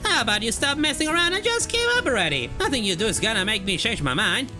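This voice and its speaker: A game streamer putting on a stern older woman who bluntly warns two youngsters off, pitched higher than the streamer's own talk. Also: big pitch swings, quick pace, pushed and bright, faint music behind. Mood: scolding. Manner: scolding, blunt, warning.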